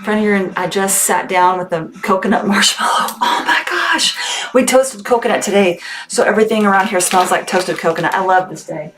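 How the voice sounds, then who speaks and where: A woman's voice: medium pitch, fairly quick, hardly any pauses, soft background music. A woman hosting a casual livestream, chatting with viewers and reading their comments aloud. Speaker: livestream seller host. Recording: noisy livestream audio.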